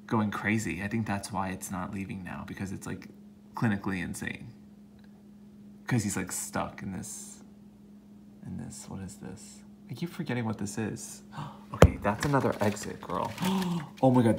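A young man talking casually and dramatically to a trapped wasp, swinging between hushed whispers and loud exasperated outbursts. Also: lowish voice, vocal fry, slight background noise. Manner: dramatic, exasperated, slangy, drops to whispers and bursts into loud outcries. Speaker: vlogger.

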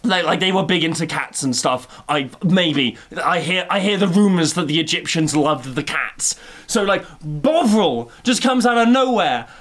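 Brief: male video essayist, high-pitched, rambling, excitable, bursts into shouting. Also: normal speed. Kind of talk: comedic film review rant.

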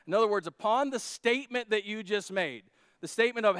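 A man's voice: high-pitched, expressive, fairly quick, a bit bright, clear, resonant tone, no echo. Man, pastor, sermon, church service, conversational and joking, clean dry sound. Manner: jokey, conversational preaching.

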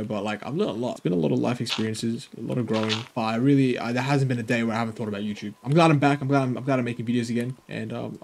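A young man giving casual, slangy let's-play commentary, getting excitable and yelling at the game. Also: medium pitch. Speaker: gaming YouTuber.

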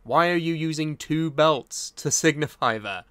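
Male podcast co-host, crisp voice, dry close sound, blunt, swears a lot. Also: fairly high pitch, measured pace, a bit bright, no echo. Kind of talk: casual podcast banter.

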